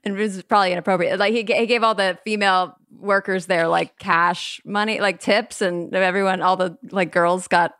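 A woman's voice: mid-range voice, steady tone, moderate pace, hardly any pauses, fairly bright tone, no room sound, studio quality. A woman in her thirties, a podcast guest, chatting casually and telling stories with lots of fillers. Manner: chatty storytelling, many fillers and restarts. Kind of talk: casual chat.

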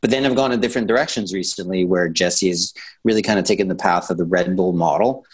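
A man from the United States, a soccer coach and guest, talking analytically in a measured way. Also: low voice, slightly rough, low-quality recording. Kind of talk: casual sports chat.

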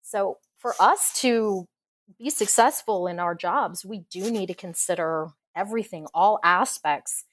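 Expressive woman engineer in casual chat. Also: medium pitch, a little slow. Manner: passionate, expressive, laughs often. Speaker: engineer guest on a podcast. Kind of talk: casual interview conversation.

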